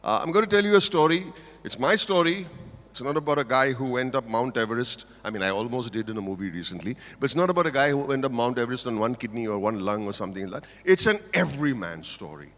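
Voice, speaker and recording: A man's voice: medium pitch, big pitch swings, fast talker, a bit bright. An older man with an Indian English accent gives a humorous stage speech at a corporate event, playfully teasing the audience. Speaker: motivational speaker at a corporate event. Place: large auditorium stage. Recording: reverberant auditorium.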